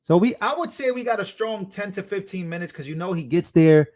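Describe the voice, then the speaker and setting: A man's voice: sits high, expressive, fairly quick, a little mellow. A young man hosting a live stream, chatting casually, reading out chat messages and thanking donors.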